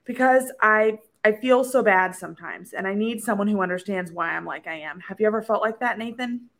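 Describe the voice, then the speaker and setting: A woman reading aloud as a shy, devout young woman from a storybook, in a soft, earnest tone close to her own voice. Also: mid-range voice, a little fast, natural voice.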